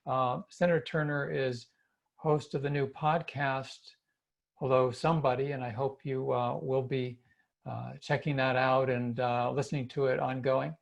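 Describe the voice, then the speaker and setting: A man's voice: medium pitch, level tone, a little slow, gravelly. A man hosting a video call, introducing speakers in a plain, hesitant way with frequent fillers. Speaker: call host.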